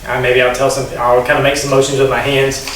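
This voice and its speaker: A man teaching a karate class, explaining the steps and calling counts that rise sharply in pitch. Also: monotone, quick pace, fairly bright tone, a little hiss or hum. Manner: instructive, calls Japanese counts rising sharply in pitch. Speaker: karate instructor. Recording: very echoey room, distant mic.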